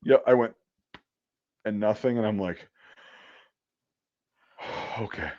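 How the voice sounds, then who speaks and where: A man's voice: fairly low pitch, fairly even intonation, takes it slowly, warm tone, dull audio. A man who works as an electrician, telling a rambling work story in casual chat, swearing often and stumbling over fillers. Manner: profane, rambling, full of fillers.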